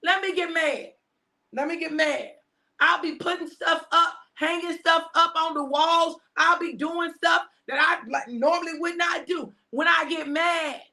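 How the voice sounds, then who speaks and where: A woman in her fifties hosting a live stream, giving a casual motivational talk to her viewers. She speaks with heavy repetition and emphasis, preaching at times and dropping into hushed asides. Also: extremely high pitch, fairly even intonation, a little slow. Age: 50s.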